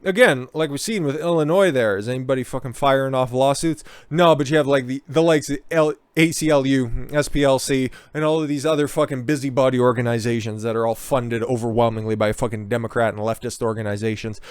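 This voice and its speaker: A man's voice: medium pitch, steady tone, fairly quick, few pauses, clear, resonant tone, no echo. A man hosting political commentary, ranting angrily and sarcastically over news clips, with heavy swearing and mocking voices.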